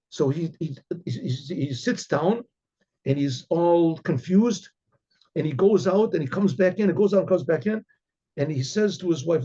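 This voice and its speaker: A man, a rabbi, telling a religious story in a halting way with many restarts and frequent throat-clearing. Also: on the high side, expressive, dark tone, dull audio. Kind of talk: oral storytelling.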